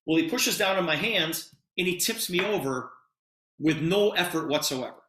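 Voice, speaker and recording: Here a middle-aged man at normal speed uses a story as a sales pitch, his voice climbing and dipping animatedly. Forceful and bright, he performs both sides of the dialogue, with the room's echo clearly audible.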